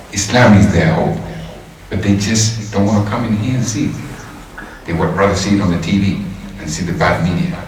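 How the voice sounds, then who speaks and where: A man telling his life story to an audience in a mosque, animated and often laughing as he acts out what others said. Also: sits low, slight background noise. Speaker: speaker sharing his conversion story. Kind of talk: lively storytelling talk to an audience. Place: mosque hall. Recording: very echoey hall from far off.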